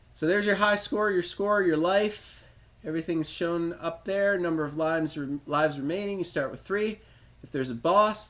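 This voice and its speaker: Male livestream host, slightly raised pitch, casual manual read-through with offhand self-mocking asides. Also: fairly bright tone. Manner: chatty, self-deprecating, reads instructions then riffs on them. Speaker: retro gaming livestream host. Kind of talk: casual commentary reading a game manual aloud.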